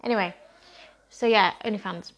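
A woman's voice: medium pitch, normal speed, fairly bright tone, a little hiss or hum. A woman, talking frankly in a casual monologue, swearing heavily and sounding defiant. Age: 30s. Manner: blunt, heavy swearing, defiant. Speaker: content creator.

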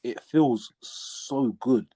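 A young man with in casual chat, dropping drawn-out, emphatic asides. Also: medium pitch, dark tone, husky.

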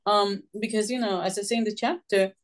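A woman's voice: mid-range voice, brisk. A woman from Puerto Rico with a Puerto Rican Spanish accent, Spanish her first language, telling her story as a guest in casual interview talk and acting out what she once asked. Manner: animated storytelling, acts out her own past questions. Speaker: guest author.

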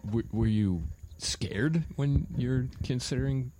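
A man hosting an interview podcast, asking short questions calmly. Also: medium pitch, takes it slowly, noisy background. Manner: calm, brief questions and reactions. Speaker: host.

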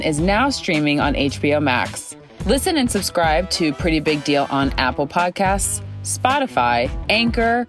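Low-voiced woman podcast host. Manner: gushing and affectionate with the guest. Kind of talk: interview and scripted outro.

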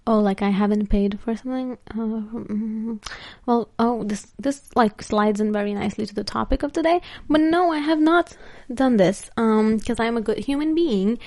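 A woman's voice: fairly high pitch, moderate pace, darkish tone. A young woman vlogger telling a story in casual chat, laughing often and using lots of filler words.

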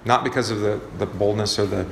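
Speaking quickly in a creaky, lowish voice with fairly even intonation, a man who is a pastor leads an informal Bible study. His casual teaching is conversational, full of fillers, and often turns to questions for the group. The space sounds roomy and echoey, with faint noise behind him.

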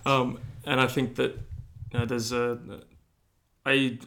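A man's voice: mid-range voice, little pitch movement, slow pace, a bit bright. A young man co-hosting a podcast, chatting casually with lots of fillers and restarts. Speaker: podcast co-host. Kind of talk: casual chat.

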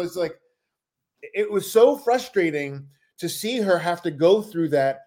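A man with a high, light voice chats about a reality show. He talks animatedly, jumps into other people's lines and swears freely. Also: a little slow. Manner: animated, acts out quotes, swears. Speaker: podcast co-host. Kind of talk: casual reality TV recap chat.

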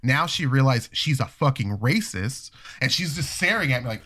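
A man in his thirties telling stories in casual chat, animated and profane, acting out other people's voices. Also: medium pitch, moderate pace, slight background noise. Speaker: podcast co-host telling stories.

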